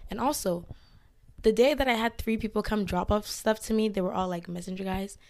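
A young woman hosting a casual podcast, hoarse from losing her voice to illness, rambling with lots of fillers. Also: medium pitch, a little fast, darkish tone, dry recording, studio quality. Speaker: podcast host. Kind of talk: casual chat. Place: indoors, filmed for a video podcast.

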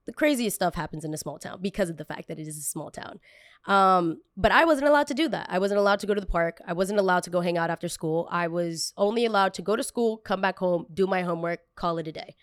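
A woman's voice: fairly low pitch, quick pace, no room sound, clean studio sound. A young woman from a Colombian family in the United States, telling stories about her childhood on a casual podcast, full of "like" fillers and blunt swearing. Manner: chatty, frequent "like" fillers, swears freely. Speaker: podcast host. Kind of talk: casual storytelling.

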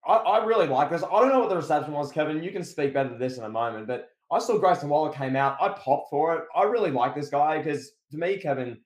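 A man's voice: a little high, fast, hardly any pauses, roomy sound, poor audio. An Australian man co-hosting a podcast, chatting casually about wrestling and acting out the promos he recaps. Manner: animated, acts out quoted promos. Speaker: podcast co-host.

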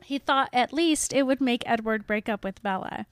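A woman's voice: fairly high pitch, normal speed, smooth, no echo. A woman co-hosting a casual podcast, giggly and dramatic, reacting to a book with teasing outbursts. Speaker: podcast co-host. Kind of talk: casual chat.

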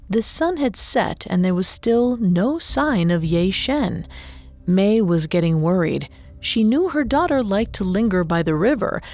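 A woman narrating a story in a slow, dramatic storytelling manner. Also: medium pitch, darkish tone.

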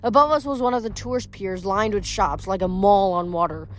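A woman reading a novel aloud, steady and plain, with occasional slips and restarts. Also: mid-range voice, fairly quick. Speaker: reader.

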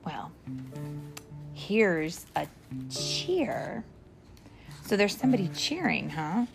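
A woman reads a storybook aloud at an unhurried pace, her pitch swooping up and down as she asks a child about each picture. Her voice has a gravelly edge, and music plays beneath it. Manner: animated, playful, questioning. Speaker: parent reading a picture book to a child. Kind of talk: storybook read-aloud with questions.

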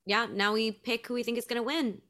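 A woman's voice: a little high, fairly even intonation, fairly quick, sharp tone. A woman hosting a podcast, chatting playfully and tossing out blunt crude jokes. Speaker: podcast host. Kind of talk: casual podcast chat.

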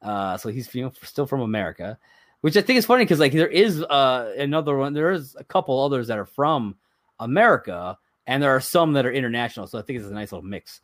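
Reading through a list during a casual podcast chat, a male co-host rambles and chuckles along the way. He talks at a quick pace in a sing-song, mid-range voice. The studio-quality recording has no echo.

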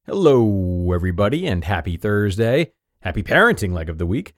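A man hosting a podcast, reading an article aloud in a measured, earnest way. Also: lowish voice, big pitch swings, no echo, studio quality. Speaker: podcast host and narrator.

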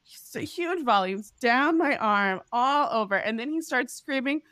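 Animated storytelling woman, dry close mic. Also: a little slow, clean tone, no room sound. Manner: animated storyteller, acts out voices with big pitch jumps. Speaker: podcast co-host. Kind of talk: casual chat, storytelling.

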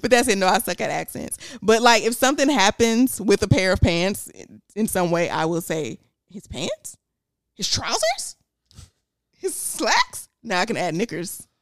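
A woman co-hosting a podcast, trading playful, quick banter in a casual chat. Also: medium pitch, no room sound, clean studio sound. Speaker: podcast co-host. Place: small room, seated on a couch.

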